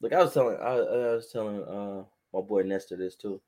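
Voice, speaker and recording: Young man, casual storyteller; animated, laughing, acts out both sides of a call. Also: on the low side, brisk. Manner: animated, laughs a lot, acts out phone calls. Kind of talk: casual chat.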